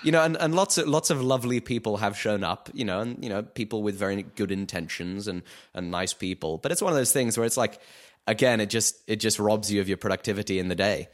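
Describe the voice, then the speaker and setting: A man with a lowish voice talks through his complaints in an easygoing, meandering way. He keeps circling back to soften what he says with "you know". It is relaxed podcast conversation. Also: quick pace, hardly any pauses. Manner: rambling, hedging with "you know". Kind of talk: casual podcast chat.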